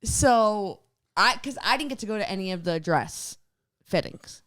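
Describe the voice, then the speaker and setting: A woman co-hosting a podcast, telling a story in a casual, animated way and leaning on "like" constantly. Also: medium pitch, unhurried. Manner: animated, filler-heavy retelling with lots of "like". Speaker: podcast co-host.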